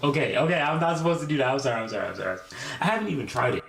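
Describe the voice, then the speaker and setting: A man giving animated reactions with laughing asides. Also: mid-range voice, very fast, gravelly, recorded from a distance, crowd noise. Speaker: video reactor. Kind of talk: casual reaction commentary. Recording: echoey room, faint noise.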